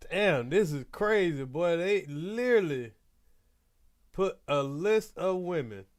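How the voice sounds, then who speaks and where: A man's voice: fairly high pitch, lively intonation, slow pace. A man hosting a reaction video, giving blunt, slangy commentary and warnings. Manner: blunt, preachy, slangy asides.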